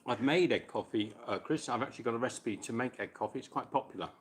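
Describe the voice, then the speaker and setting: A man's voice: mid-range voice, fast, a little hiss or hum. A man hosting a casual live stream chat while cooking, chatting between bites and answering viewers' questions.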